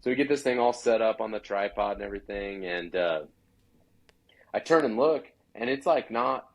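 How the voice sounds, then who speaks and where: A man's voice: fairly low pitch, moderate pace, poor audio. A man from Idaho, a podcast guest, telling a hunting story in a chatty way full of "like" fillers. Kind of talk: casual storytelling.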